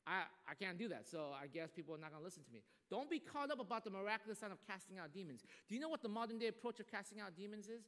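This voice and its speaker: Male pastor, high lively voice, animated sermon delivery, long reverb of a church hall. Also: very fast, hardly any pauses. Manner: animated, acts out quoted voices.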